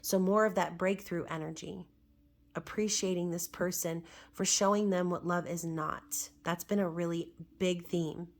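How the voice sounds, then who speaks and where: A hoarse woman, still recovering her voice, chatting through a casual tarot reading with wry asides. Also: lowish voice, steady tone, a little slow. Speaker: tarot reader.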